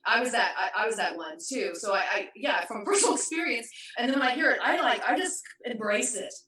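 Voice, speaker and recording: Middle-aged woman, podcast guest, animated storyteller; distant and echoey recording. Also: on the high side, a little fast. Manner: animated storyteller, acts out quotes. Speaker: guest expert. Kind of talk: casual podcast conversation. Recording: echoey room, distant from mic.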